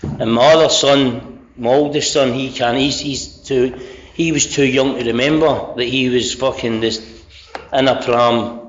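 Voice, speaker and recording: Speaking unhurriedly at medium pitch with fairly level intonation, a middle-aged Scottish man with a Scottish accent shares his recovery story at a convention. He is candid, sweary and self-mocking, and the recording is dull and lo-fi.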